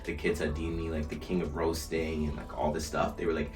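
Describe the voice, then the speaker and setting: A young man vlogger telling a story in a casual way while getting ready, with animated retellings. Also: a bass voice, fairly quick, hardly any pauses. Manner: animated storytelling, shouting re-enacted lines. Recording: echoey room, mic at a distance, faint music.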